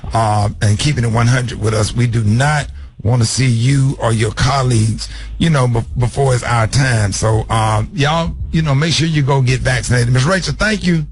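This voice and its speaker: A man's voice: medium pitch, husky. Man hosting morning radio. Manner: casual, halting with fillers and restarts. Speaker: radio show host. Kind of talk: morning radio interview and call-in banter.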